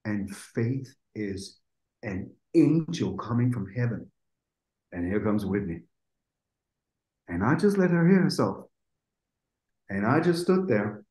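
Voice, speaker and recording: A man, a music producer, telling animated stories in an interview, acting out quotes and swearing casually. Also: medium pitch, roomy sound, poor audio. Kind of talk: anecdotal interview storytelling.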